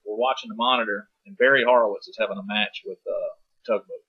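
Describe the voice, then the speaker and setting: A man co-hosting a talk podcast, rambling through stories with casual swearing. His voice is somewhat husky, recorded with a dull lo-fi sound. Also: fairly low pitch, steady tone, fast talker. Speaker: podcast co-host. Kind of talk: casual chat.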